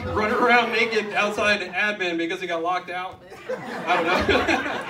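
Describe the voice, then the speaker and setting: A man's voice: sits high, measured pace. A man hosting a retirement roast, teasing the guest of honor and introducing the next speaker. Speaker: roast emcee. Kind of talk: roast speech to a crowd. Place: hall at a retirement party. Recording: distant recording in a hall with crowd noise.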